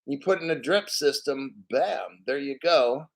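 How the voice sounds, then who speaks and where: A man hosting a casual livestream, reading out donations and ranting bluntly with lots of swearing and frequent throat clearing. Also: mid-range voice, a little slow. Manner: blunt, profane, combative. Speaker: crypto livestream host.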